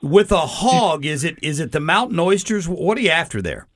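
A man's voice: a little high, big pitch swings, moderate pace, a bit bright. A man hosting a podcast, chatting casually and reacting with friendly encouragement. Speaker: podcast host. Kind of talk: casual interview chat.

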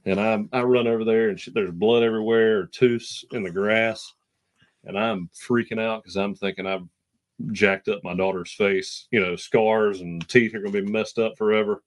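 Young male co-host with a lowish voice. Rambling, heartfelt storyteller who restarts his sentences a lot. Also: steady tone, normal speed. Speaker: podcast co-host. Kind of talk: casual chat, storytelling.

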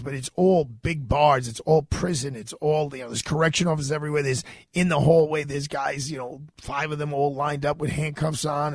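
A middle-aged man with a fairly high speaking voice hosts a talk radio show. He spins a chatty story and slips into the voices of the people he quotes. The studio sound is dry and close. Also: dry recording. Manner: animated, acts out quoted voices. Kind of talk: casual storytelling monologue.

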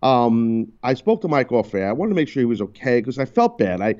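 A man's voice: mid-range voice, big pitch swings, brisk, a little mellow, dull audio. A man hosting a radio talk show, chatting loosely and teasing his co-hosts. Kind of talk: casual on-air banter.

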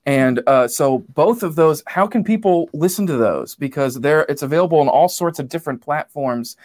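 An interview host asking questions in a halting way, with many fillers and restarts. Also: mid-range voice, darkish tone.

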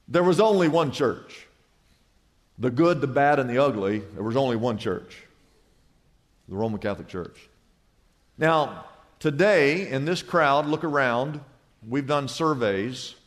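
Male pastor, high voice, animated sermon delivery in a church hall with a long echo. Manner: animated storytelling, acts out characters in a joke. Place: church hall before a congregation.

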